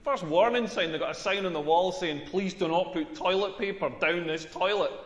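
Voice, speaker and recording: Male actor as a tall Scottish comic in a game; raised pitch, crude rambling jokes, roomy reverb. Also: normal speed, natural voice. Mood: deadpan. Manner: crude, rambling, self-mocking. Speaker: stand-up comedian. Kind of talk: stand-up comedy routine. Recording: echoey hall with long reverb.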